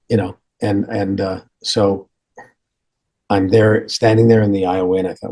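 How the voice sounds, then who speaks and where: A man's voice: fairly low pitch, flat delivery, normal speed, mellow. A man from Canada, a podcast guest, telling an anecdote with hesitant restarts and acted-out dialogue. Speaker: guest storyteller.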